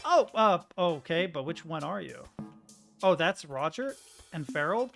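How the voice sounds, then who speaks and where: A young man livestreaming gameplay and talking to his chat, excitable, yelling then muttering to himself. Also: on the high side, a little slow, vocal fry, soft background music. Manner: excitable, yelling, swings between shouting and muttering. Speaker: game streamer. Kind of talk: live-streamed gameplay commentary.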